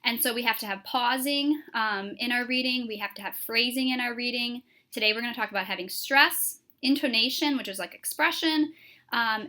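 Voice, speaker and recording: Bright-voiced woman teacher explaining. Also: fairly high pitch. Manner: clear, explanatory, with frequent "um" fillers. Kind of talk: recorded classroom lesson.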